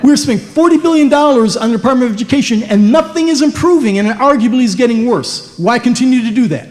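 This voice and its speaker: A man's voice: extremely high pitch, lively intonation, fast talker, a little mellow. A man answering on a town hall panel, pointed and full of rhetorical questions. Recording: echoey hall.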